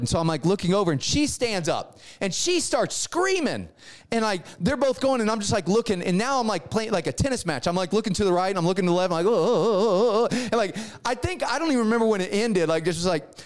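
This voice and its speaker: Brief: middle-aged man, pastor, high-pitched voice, animated storytelling sermon. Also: fast. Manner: animated storyteller acting out dialogue.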